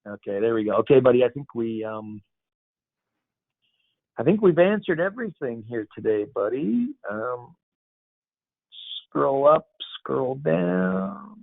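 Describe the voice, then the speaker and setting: A man's voice: mid-range voice, sing-song, normal speed, long pauses, dry recording. A man hosting a casual Q&A call, playful and rambling, joking with callers. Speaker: host. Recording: tinny phone-like line, dry.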